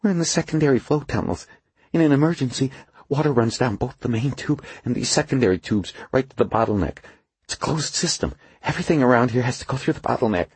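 A man voicing a terrified, gasping middle-aged engineer who talks in a shrill, frantic rush. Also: animated, fast talker, a little mellow, slightly rough, no echo.

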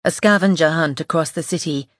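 A woman reading a first-person audiobook in a steady, measured way. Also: deep voice, no room sound, studio quality. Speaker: audiobook narrator. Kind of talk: scripted first-person narration.

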